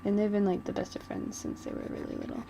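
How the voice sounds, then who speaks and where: A woman's voice: mid-range voice, flat delivery, quick pace, lo-fi sound, background noise. A woman vlogger chatting casually while she doodles, rambling and giggling like a gushing fan.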